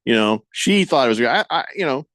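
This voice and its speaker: A man's voice: mid-range voice, expressive, a little fast, fairly bright tone, no echo, studio quality. A male sports radio host with a wry, joking way of telling stories, reading out listener messages on air.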